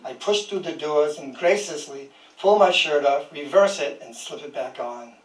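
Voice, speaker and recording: A man's voice: a little high, moderate pace. A man in his sixties reading his own poems aloud as a guest poet, with dry humor and chuckling asides between pieces. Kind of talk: poetry reading with casual asides. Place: small historic house, indoors. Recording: roomy sound from a distant mic.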